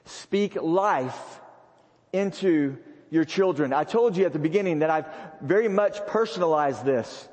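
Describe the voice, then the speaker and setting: A man's voice: fairly high pitch, lively intonation, unhurried, darkish tone. A man preaching a sermon to fathers in a large sanctuary, stressing key lines by repeating them. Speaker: pastor. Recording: long hall reverb in a big sanctuary.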